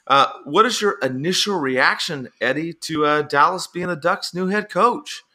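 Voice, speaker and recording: A man hosting a sports podcast in casual chat, a chatty and animated storyteller. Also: a little high, moderate pace. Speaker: podcast host.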